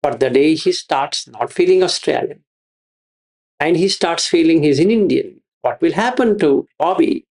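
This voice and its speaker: A man's voice: fairly high pitch, lively intonation, moderate pace, a little mellow. A man giving a Buddhist teaching, repeating his phrases and asking rhetorical questions. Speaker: meditation teacher.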